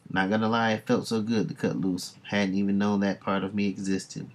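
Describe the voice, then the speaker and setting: A man reading the lines of a young half-alien woman, low and matter-of-fact. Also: level tone, moderate pace, natural voice.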